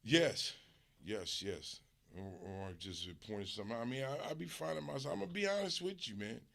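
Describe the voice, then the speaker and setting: Forceful, profane rant from a man. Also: medium pitch, normal speed, creaky. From US West Coast. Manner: profane, animated, emphatic. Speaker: streamer host. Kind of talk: casual comedic rant.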